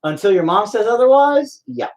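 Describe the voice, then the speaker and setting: A man's voice: extremely high pitch, expressive, moderate pace, vocal fry. A man chatting at home while painting, rambling through a profane, opinionated rant.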